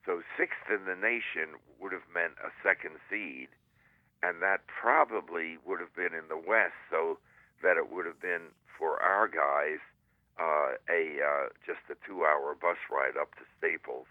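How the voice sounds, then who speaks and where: An older man chatting on a radio show in a rambling, halting way, full of fillers and corny jokes. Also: deep voice, fairly even intonation, no echo. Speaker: guest columnist. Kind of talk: casual radio chat over the phone. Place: at home in San Diego. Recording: tinny dry phone line.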